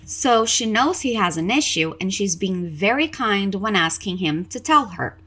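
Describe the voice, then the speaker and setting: Bright, animated English teacher woman. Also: medium pitch, normal speed. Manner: encouraging, clear and explanatory. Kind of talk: podcast language lesson.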